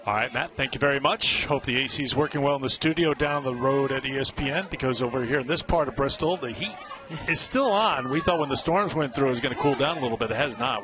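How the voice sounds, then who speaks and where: A man calling a youth softball game play by play, upbeat and lifting his voice on big plays. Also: on the high side. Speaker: play-by-play announcer. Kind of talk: live baseball commentary. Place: outdoor ballpark broadcast booth. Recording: crowd noise and outdoor din. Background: crowd and outdoor ambience.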